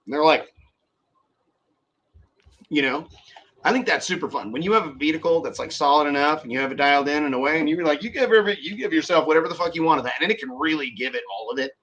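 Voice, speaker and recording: A man's voice: on the high side, expressive, fast, a bit bright, lo-fi sound. A young man in casual podcast chat about car audio, rambling and profane with many fillers and restarts.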